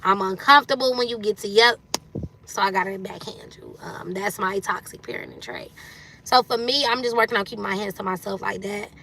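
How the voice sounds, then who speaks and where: A woman's voice: fairly quick, creaky, bright, forceful tone, a little hiss or hum. Chatty woman in her thirties. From Detroit, USA. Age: 30s. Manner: candid and chatty, acting out quotes with sudden jumps up in pitch. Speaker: livestream host. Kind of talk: casual storytelling chat.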